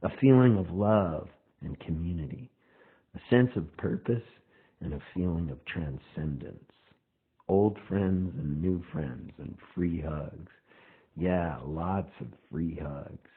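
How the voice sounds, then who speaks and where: A middle-aged man, a touring folk singer, rambling through a spoken monologue intro with drawn-out lines. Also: low-pitched, breathy edge. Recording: tinny phone-like sound.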